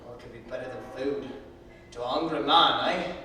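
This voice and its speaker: A man on a theatre stage playing an old blind male pencil peddler who talks in a gruff, rustic way, slow and mournful. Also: medium pitch, sharp tone, a little hiss or hum, natural voice. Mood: weary. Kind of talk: stage recital acting. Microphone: distant room mic. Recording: echoey hall from far off.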